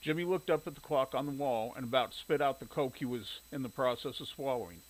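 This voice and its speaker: A man reading a story aloud in steady audiobook narration. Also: mid-range voice, fairly quick, poor audio.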